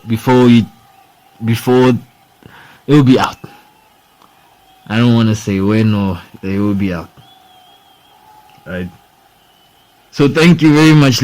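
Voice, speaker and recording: A young man with a fairly low, darkish voice hosts a sports podcast, heard through poor audio. He rambles casually, swears freely, and says "bro" and "dude" a lot.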